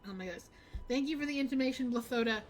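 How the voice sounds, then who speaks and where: Woman game streamer, higher pitched, chatty, self-interrupting commentary. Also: quick pace, soft background music. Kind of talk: casual let's-play commentary.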